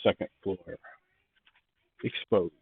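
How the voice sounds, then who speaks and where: A man's voice: takes it slowly, no room sound, phone-quality sound. A man narrating as game master, describing rooms and thinking aloud as he sets each scene.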